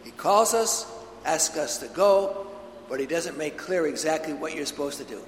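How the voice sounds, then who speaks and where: A man's voice: fairly high pitch, animated, moderate pace, slight background noise. A man preaching a homily, earnest and telling stories, in a large church. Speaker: priest. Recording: echoey church hall with long reverb.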